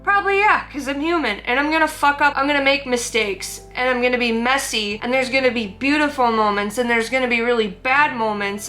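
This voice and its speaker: Bright-voiced woman, candid vlog talk. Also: on the high side. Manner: frank, heartfelt, swears casually. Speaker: artist vlogger. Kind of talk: candid talking-to-camera vlog.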